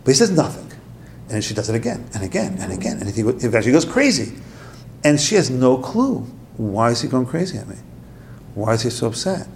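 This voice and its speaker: Gravelly man teaching a Torah class. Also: very animated, brisk, darkish tone, a little hiss or hum. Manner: storytelling, acts out quotes with sudden high outbursts. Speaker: rabbi giving a class.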